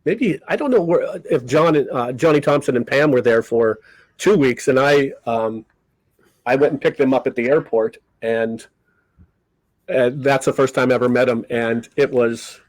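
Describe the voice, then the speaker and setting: Here's a comedy magician, an older man, swapping stories in a relaxed podcast interview and impersonating the characters he talks about. He has a mid-range voice and a moderate pace, captured in a dry recording of poor quality.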